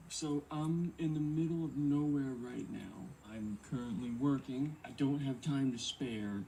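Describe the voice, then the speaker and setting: A woman cooing at a stray kitten in a high baby-talk voice while out on her delivery route. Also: measured pace, gravelly, few pauses, warm tone, a little hiss or hum, poor audio. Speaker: delivery driver filming a found kitten. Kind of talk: casual vlog clip, cooing at a kitten. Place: outdoors by a roadside and in a delivery vehicle.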